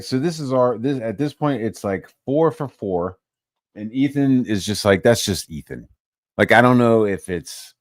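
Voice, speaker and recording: A man's voice: lowish voice, no room sound, clean studio sound. A man ranting casually about online drama, swearing a lot and mocking others in put-on voices. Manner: profane, animated, mocks others in put-on voices. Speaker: channel host.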